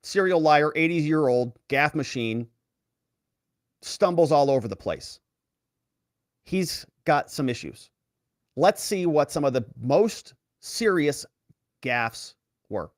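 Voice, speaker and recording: A man's voice: slow, pauses often, dry recording, clean studio sound. A man who is an attorney giving casual, sarcastic political commentary and reading articles aloud. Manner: animated and sarcastic, with wide swings in pitch.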